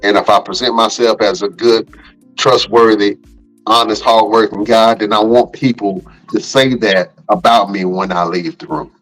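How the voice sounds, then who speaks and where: Guy on a podcast talking slow and earnest, reflective advice, little music underneath. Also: lowish voice, steady tone, a bit bright, low-quality recording. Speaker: podcast panelist. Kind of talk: casual podcast chat.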